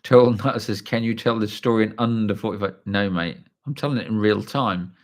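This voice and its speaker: A low, gravelly man hosting a casual livestream. He rambles through a story, stops to answer viewer comments, and swears freely. His voice is rough with fry. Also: brisk. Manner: chatty, blunt, swears freely, calls people mate. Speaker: livestream host.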